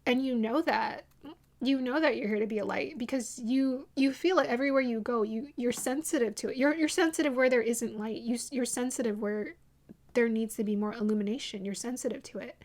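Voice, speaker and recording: A woman's voice: fairly high pitch, a little fast, darkish tone. A woman giving a casual tarot reading to her viewers, chatting and rambling, often restarting her sentences and laughing at her own drama. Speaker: tarot reader.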